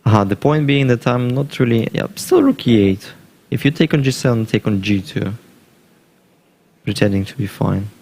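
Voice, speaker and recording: A man commentating live on a chess game, thinking aloud through variations in a measured way. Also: mid-range voice, big pitch swings, vocal fry, a little mellow, slightly rough.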